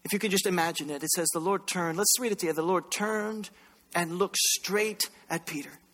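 A man preaching a sermon as pastor, impassioned, swinging between loud bursts and hushed lines. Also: high voice, brisk. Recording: long reverb of a large hall.

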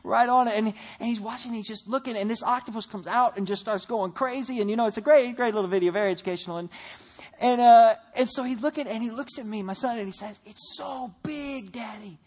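Animated man preaching a sermon. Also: high-pitched, quick pace. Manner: animated storytelling with rising emphatic peaks. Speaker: pastor.

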